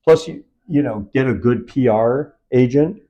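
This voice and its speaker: A man's voice: medium pitch, a little slow, lo-fi sound. A man, a film producer, talking in an on-set interview and acting out quoted dialogue as he tells his story. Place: event set.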